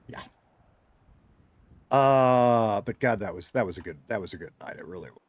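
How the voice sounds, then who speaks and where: A man's voice: on the low side, lively intonation, normal speed, no echo. A middle-aged man with a Southern US accent, chatting casually with a live audience, joking and rambling through stories while his drawl slides heavier and lighter. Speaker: streamer reading chat.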